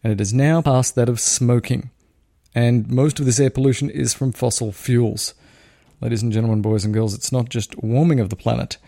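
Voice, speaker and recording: A middle-aged Australian man hosting a casual solo podcast, speaking quietly with a wry, showman's repeated catchphrases. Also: medium pitch, fairly even intonation, normal speed, gravelly, no echo, studio quality. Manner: hushed, talking quietly because a baby sleeps. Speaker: daily podcast host.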